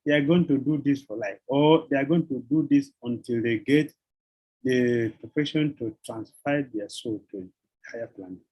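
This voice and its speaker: Swami guy, husky voice, lecturing, says things twice. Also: medium pitch, moderate pace, lo-fi sound. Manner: repeats phrases, chuckles, uses devotional terms. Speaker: swami giving a scripture lecture. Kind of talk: sermon.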